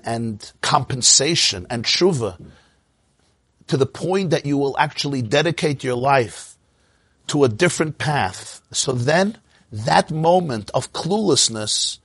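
Husky male host, explains things patiently, dry close-miked sound. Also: mid-range voice, a bit bright, dry recording. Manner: reflective, explains terms to his listener. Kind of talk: conversational teaching.

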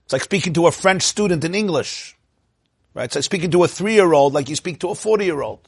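A man giving an informal Torah lecture in a lively, joking way, acting out inner voices. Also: a little high, fairly quick, breathy edge, no room sound. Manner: animated, acts out inner voices, laughs at own jokes. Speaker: Torah class teacher.

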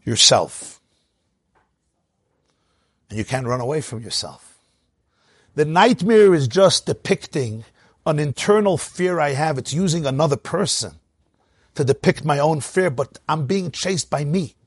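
A man giving a Torah lecture, animated, swinging between loud emphatic bursts and quiet low asides. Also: unhurried, long pauses, breathy edge, no room sound, studio quality. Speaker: rabbi teaching a class.

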